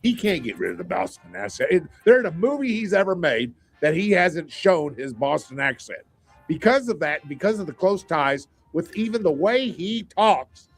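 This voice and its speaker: A man on a sports radio panel, telling his picks at length with emphatic, rambling restarts. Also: high voice. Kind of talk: casual radio sports chat.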